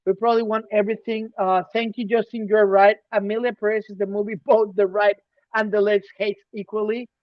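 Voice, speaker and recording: A man's voice: sits high, level tone, a little fast, no echo. Podcast host, man, emphatic ranter, muffled dry recording. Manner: emphatic, ranting, shifts loud to soft. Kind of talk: casual podcast chat. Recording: dull, dry lo-fi sound.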